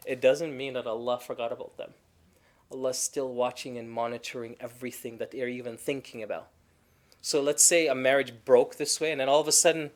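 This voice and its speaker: A man teaching a Quran class in a conversational way, telling stories with animated quoted voices and reciting Arabic verses quickly. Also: mid-range voice. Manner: animated storytelling, acting out quoted spouses.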